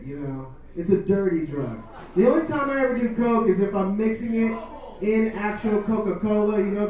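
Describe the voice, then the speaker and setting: A man's voice: high voice, a little mellow, muffled recording. A man doing a live stand-up set on a dive bar stage, with brash, profane crowd work. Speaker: stand-up comedian. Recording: echoey bar room from far off.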